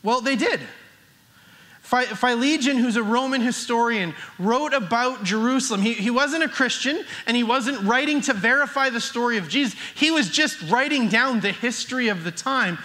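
A man's voice: very high-pitched, normal speed, pushed and bright. A middle-aged man preaching a sermon as pastor, earnest and emphatic. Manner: earnest, builds emphasis with restarts.

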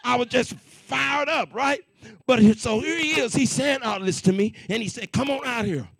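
Preacher guy telling his testimony, high voice, raspy and gravelly, repeats himself a lot. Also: normal speed, no echo. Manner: animated, repetitive, conversational preaching. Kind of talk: sermon testimony storytelling.

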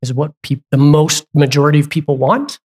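This sermon is delivered conversationally in a mid-pitched voice that is brisk, a little mellow and breathy, with fairly even intonation. The preacher repeatedly questions the congregation directly, adding asides and correcting himself along the way.

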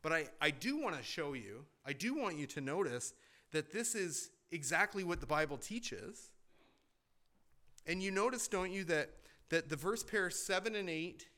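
Emphatic, bright-voiced male preacher. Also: on the high side, expressive. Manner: emphatic, deliberate, rhetorical questions. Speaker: pastor. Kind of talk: sermon.

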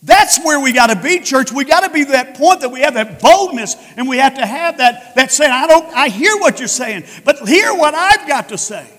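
Male pastor preaching, high voice, loud peaks and hushed stretches, echoing sanctuary. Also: animated, normal speed, few pauses. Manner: swings from shouted proclaiming to low quiet tones. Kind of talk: sermon. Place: church sanctuary.

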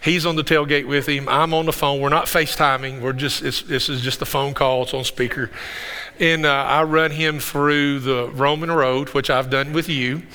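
A man preaching from the pulpit with a bright, forceful voice that carries a long hall reverb through the sanctuary. He talks in a loose, conversational way and doubles up words when he gets going on a story. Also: medium pitch, fairly even intonation, normal speed, clean tone. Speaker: pastor. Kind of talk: sermon with storytelling. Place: church sanctuary.

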